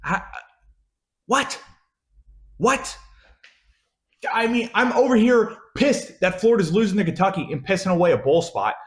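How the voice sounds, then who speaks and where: A man's voice: sits high, sing-song, brisk, hardly any pauses, reverberant. A young American man hosting a college football show, ranting with constant swearing and repetition. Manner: swears constantly, repeats lines, swings loud then muttering. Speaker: college football podcast host. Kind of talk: profane ranting sports talk.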